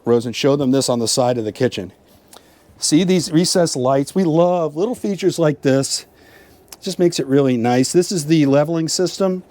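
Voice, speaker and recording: A man with a fairly high voice gives a relaxed, upbeat tour from inside a motorhome. He chats as he goes, pointing out details with lots of fillers. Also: dry recording. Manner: chatty, upbeat, points things out with frequent fillers. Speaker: RV travel vlogger giving a tour. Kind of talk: casual walkthrough tour.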